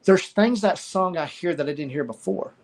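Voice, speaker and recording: A middle-aged man, telling a personal story of loss in a halting way, pausing and repeating words. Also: on the high side, expressive. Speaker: guest sharing a story of loss.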